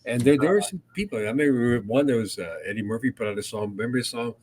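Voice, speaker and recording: A man's voice: medium pitch, quick pace, a little mellow. An older man co-hosting a casual radio podcast, rambling through anecdotes and swearing freely. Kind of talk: casual storytelling chat.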